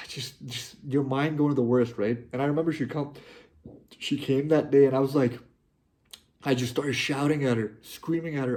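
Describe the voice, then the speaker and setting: A young man talking to his viewers, heartfelt and halting, often restarting his sentences. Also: mid-range voice, steady tone, darkish tone. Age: young adult. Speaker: vlogger. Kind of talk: personal reflective monologue.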